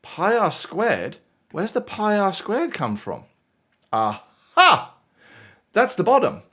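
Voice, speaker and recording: A man's voice: sits high, wildly swooping pitch, measured pace, a bit bright, slightly rough. A British man teaching a maths lesson in a chatty, playful way, with exclamations and asides as he works through examples. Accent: British English. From United Kingdom.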